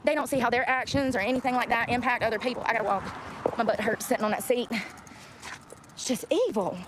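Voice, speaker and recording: A young woman vents to the camera outdoors near a road, her rant blunt and full of profanity. Her voice is on the high side with fairly even intonation, she speaks quickly, and outdoor traffic is clearly audible.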